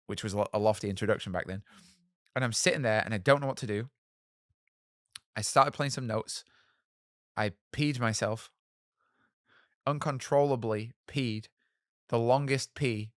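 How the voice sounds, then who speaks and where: Interview guest: man, animated and candid, dry close-miked voice. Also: medium pitch, no echo. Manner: candid, self-mocking, animated storytelling with many fillers. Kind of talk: storytelling in a podcast interview.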